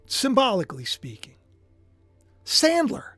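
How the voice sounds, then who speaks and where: Male livestream preacher, animated and emphatic, dry voice over faint music. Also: very high voice, unhurried, long pauses, dry recording. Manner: emphatic, swings from hushed to shouting. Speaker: preacher streaming live.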